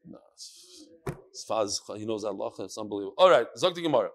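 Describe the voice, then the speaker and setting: A man teaching a Talmud class, telling stories in a lively way and sprinkling in Hebrew and Yiddish terms. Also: on the low side, fast talker. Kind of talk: animated storytelling lesson.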